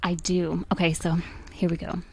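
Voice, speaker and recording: A woman's voice: lowish voice, monotone, normal speed, gravelly, a little hiss or hum. A woman guesting on a podcast in casual chat, wry and sarcastic.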